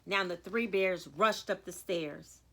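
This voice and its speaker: A woman author reading a story aloud to children, animated and speaking directly to young listeners. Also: lowish voice, takes it slowly.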